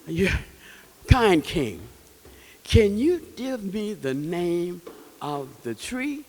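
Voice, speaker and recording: A man voicing a boastful, fast male cheetah who talks with excitable energy in a folktale. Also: fairly high pitch, long reverb tail, pitched below the performer's own voice, heavily acted.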